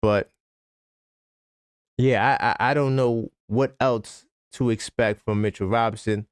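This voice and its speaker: Male streamer riffing on sports, smooth voice, dry close sound, loose and animated. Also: mid-range voice, a little slow, no room sound. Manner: animated, conversational, frequent fillers. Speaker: sports talk livestream host. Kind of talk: casual live-stream commentary.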